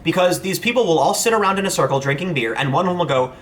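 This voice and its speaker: A man's voice: on the high side, lively intonation, rapid-fire, hardly any pauses, fairly bright tone. A man, hosting a casual livestream and answering viewer messages in a rambling way, full of fillers and restarts. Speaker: host reading viewer chat.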